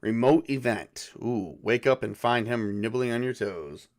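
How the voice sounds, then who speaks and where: A man's voice: mid-range voice, unhurried, darkish tone. Man narrating a solo tabletop game. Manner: thinking aloud with many fillers. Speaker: game master and solo player.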